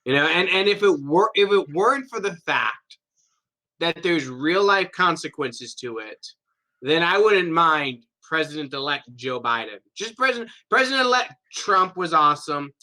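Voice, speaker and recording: Brash young male podcast co-host, bright voice, swears and laughs a lot. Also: fairly high pitch, expressive, normal speed. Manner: loud, profane, laughing, mock voices. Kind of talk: casual comedic chat.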